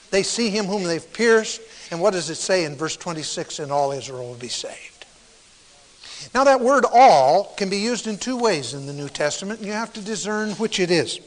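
A man preaching a sermon to a congregation, emphatic, with sudden quiet, near-whispered asides for stress. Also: high voice, long reverb tail, poor audio.

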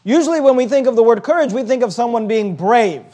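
A pastor delivering a sermon in a high voice. He reads old scripture wording aloud, then drops into quiet, low explanation. His delivery moves between emphatic, raised passages and soft ones. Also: fairly quick.

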